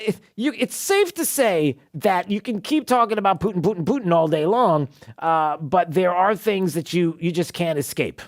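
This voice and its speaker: A man hosting a talk radio show, giving mocking, opinionated commentary with frequent laughs and filler words. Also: sits high. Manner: sarcastic, mocking, laughs often; many fillers and restarts.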